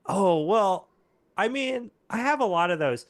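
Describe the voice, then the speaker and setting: A man voicing an excitable young boy who rambles and stumbles over fillers in a tabletop game. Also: high voice, unhurried, no room sound, voice pushed up. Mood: excited. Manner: breathless, stumbling, full of fillers.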